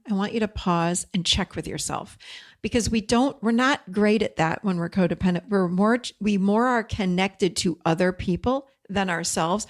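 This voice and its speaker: A woman hosting a podcast, talking in a casual, direct teaching monologue and acting out bits of dialogue as she goes. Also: medium pitch. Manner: conversational and direct, acts out quoted dialogue. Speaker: podcast host.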